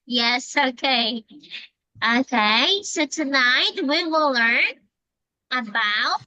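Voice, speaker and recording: High, bright-voiced woman teaching English. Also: expressive, no room sound, rough recording. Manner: slow, repetitive, encouraging prompts. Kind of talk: online English lesson for a child. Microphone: video call.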